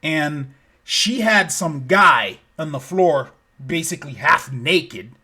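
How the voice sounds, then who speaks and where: A man spinning a story off the cuff, profane and rambling. He mouths the thud sounds himself and keeps circling back. His voice sits a little high for a man. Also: animated, slow pace, sharp tone, slightly rough. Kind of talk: casual improvised storytelling.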